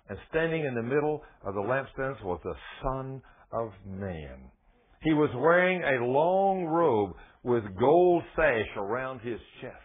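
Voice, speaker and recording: A man preaching a folksy, animated sermon on the radio, swinging from soft, low passages to excited outbursts. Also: husky. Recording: tinny phone-like radio sound.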